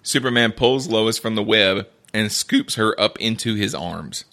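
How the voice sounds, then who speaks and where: A man reading a script's stage directions aloud in a table read, brisk, with restarts. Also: fairly low pitch, sharp tone. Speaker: script reader.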